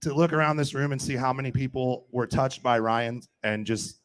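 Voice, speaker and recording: A man giving a short, heartfelt eulogy, speaking haltingly and swearing. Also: mid-range voice, smooth, poor audio. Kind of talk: emotional eulogy.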